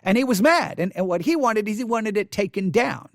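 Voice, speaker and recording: A man's voice: high-pitched, lively intonation, brisk, vocal fry, no echo, clean studio sound. A man hosting a casual spoken commentary, emphatic, often restarting his words.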